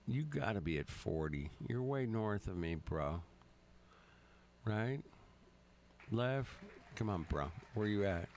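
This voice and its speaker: A man's voice: fairly low pitch, animated, slow pace, long pauses, darkish tone, slight background noise. A man hosting a casual livestream, reading out viewer comments in a laid-back drawl, with frequent swearing and lots of "man" and "bro". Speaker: livestream host. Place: at home, in California. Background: guitar music.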